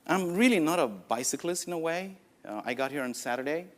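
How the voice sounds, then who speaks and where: A man's voice: fairly high pitch, brisk. Nepali-accented man giving a keynote. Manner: anecdotal, lively, many "uh, you know" fillers. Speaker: conference speaker. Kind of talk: conference keynote talk.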